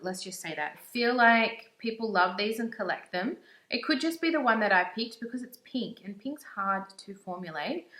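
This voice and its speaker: A young woman with a medium-pitched, bright, forceful voice reviews makeup in a vlog. As a beauty vlogger, she gushes and chats casually, leaning on "like" as a filler again and again. The room she records in is echoey.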